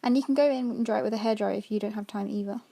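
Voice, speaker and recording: A woman's voice: mid-range voice, racing, gravelly, mellow. A young woman, chatty and explaining each step of a makeup tutorial. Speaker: makeup artist.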